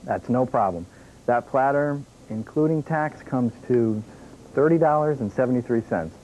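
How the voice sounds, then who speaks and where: A man's voice: mid-range voice, lively intonation, moderate pace, darkish tone, highs cut off, a little hiss or hum, lightly acted. An actor playing a friendly, upbeat male sandwich shop worker taking a phone order in a training video. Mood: polite. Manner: polite, upbeat, helpful. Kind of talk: scripted training video acting.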